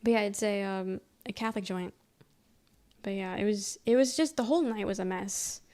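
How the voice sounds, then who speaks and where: A soft-spoken woman streamer rambling through a story in casual chat, swearing freely. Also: mid-range voice, moderate pace.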